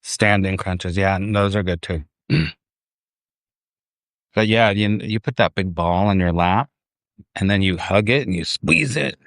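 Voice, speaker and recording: Outdoors in a park, a man hosts a casual livestream, rambling, getting easily distracted, and laughing a lot. His low, slightly bright voice moves unhurriedly with long pauses, captured dry on a phone.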